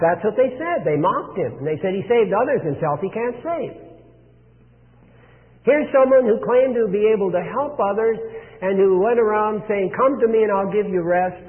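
A man preaching a sermon in an earnest, emphatic way, slowing down to stress key words. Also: sits high. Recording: phone-like, long reverb.

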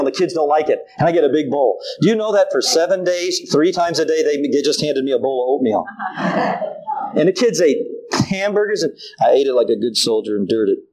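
A middle-aged man preaching a sermon, animated and acting out quotes from his family. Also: a little high, poor audio.

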